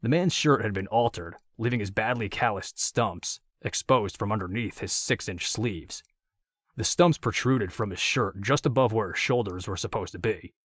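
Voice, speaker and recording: Low-voiced male audiobook narrator. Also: breathy edge, no echo, studio quality. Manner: steady, measured reading.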